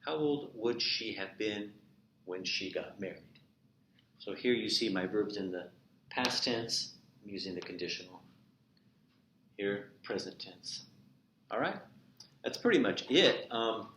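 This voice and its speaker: A man teaching a recorded remote Spanish lesson, explaining verb endings and repeating each example slowly. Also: on the low side, fairly bright tone. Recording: echoey room with faint noise.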